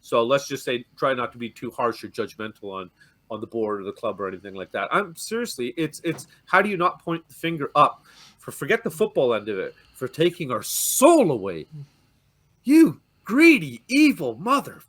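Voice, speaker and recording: A disheartened Canadian football fan rants on a fan show, swearing and often fumbling his words before starting again. He talks fairly quickly in an expressive, mid-range voice with a fairly bright tone, in heated fan-show chat.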